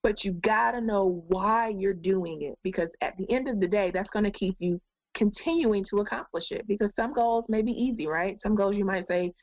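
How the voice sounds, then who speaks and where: A woman's voice: medium pitch, moderate pace, no room sound. Woman life coach, encouraging webinar host, muffled dry webcam sound. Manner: encouraging, addresses viewers directly. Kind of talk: live goal-setting webinar talk.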